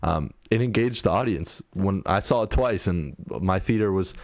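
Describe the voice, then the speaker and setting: Low-voiced hesitant man. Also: animated, moderate pace, no room sound, studio quality. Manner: hesitant, mild and defensive. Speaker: reaction video host. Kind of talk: casual reaction commentary.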